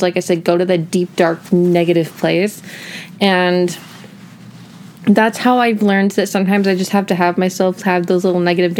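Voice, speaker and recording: A woman's voice: lowish voice, darkish tone. A woman in her thirties from Northeast Ohio, hosting a solo podcast in a chatty, casual way, with lots of filler words and emphatic asides. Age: 30s. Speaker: podcast host.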